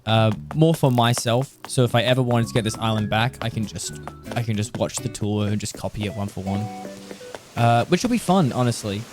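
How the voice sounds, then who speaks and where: A man's voice: lowish voice, fairly quick. A man streaming a game, chatting casually in a rambling way and laughing often. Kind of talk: casual chat while playing. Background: background music.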